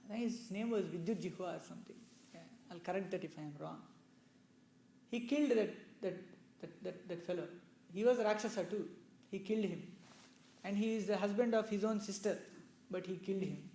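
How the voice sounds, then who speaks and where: A man's voice: high-pitched, fairly quick, vocal fry, warm tone. A man giving a loose, conversational talk on scripture to a small audience, explaining with many asides and checking that listeners follow. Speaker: religious storyteller. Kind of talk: conversational scripture discourse with questions. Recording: echoey room.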